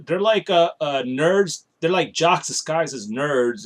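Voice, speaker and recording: A man's voice: a little high, animated, moderate pace, few pauses. A tired man rambling bluntly in a casual home vlog, complaining offhandedly as he talks straight to the camera in a small room. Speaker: vlogger.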